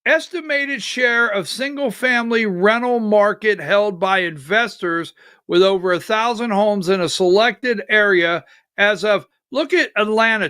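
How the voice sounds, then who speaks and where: In a dry, studio-quality recording, a political talk show host speaks in a high, sharp but smooth voice at an unhurried pace. He's agitated and exasperated on his live commentary show, calling out instructions to his producer between remarks.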